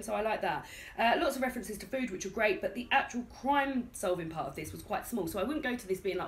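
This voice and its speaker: A woman's voice: medium pitch, fast. A young British woman chatting frankly about books she has read, often laughing. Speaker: book vlogger. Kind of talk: casual book review chat. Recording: echoey room with faint noise.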